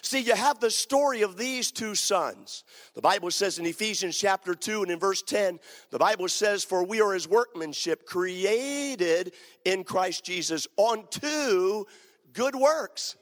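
A pastor preaching a sermon, building emphasis through repeated phrases. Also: male voice, sits high, measured pace, in a large hall. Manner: emphatic, repetitive preaching cadence.

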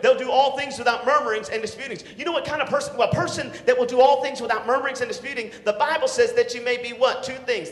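A man preaching a sermon to teenagers, swinging from shouts to hushed tones and calling for responses. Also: very high voice. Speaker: youth pastor. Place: church sanctuary. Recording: echoey hall.

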